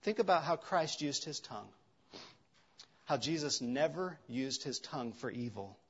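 A man preaching a sermon in an earnest way, rising for emphasis and dropping soft for tender lines. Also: mid-range voice, lively intonation, moderate pace, slightly rough, lo-fi sound.

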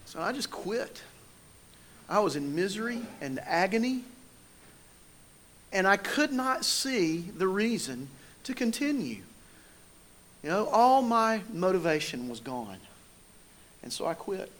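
A pastor with a slightly higher-pitched voice preaches a sermon. He moves between easy, conversational storytelling and more pointed emphasis on his main points. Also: very animated, slow pace, pauses often, a bit bright.

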